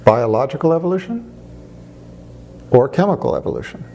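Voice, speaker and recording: A man talks through his argument, asking rhetorical questions and telling wry stories along the way. His voice is mellow and dark at mid pitch. A faint noise sits under the recording. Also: big pitch swings, fairly quick. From United States. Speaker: speaker on religion. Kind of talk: conversational argument to camera.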